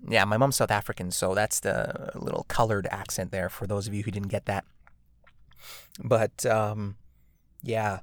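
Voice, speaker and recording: A man's voice: on the low side, flat delivery, a little slow, dry recording, studio quality. A man hosting a podcast alone, rambling and joking with lots of fillers and tag questions. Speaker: podcast host. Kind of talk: casual podcast monologue.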